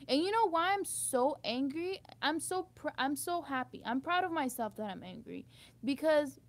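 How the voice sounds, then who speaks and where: A young woman with a high voice vents in a frustrated, blunt monologue. She swears freely, rambles and restarts sentences mid-thought. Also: expressive, moderate pace. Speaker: vlogger. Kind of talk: emotional venting monologue.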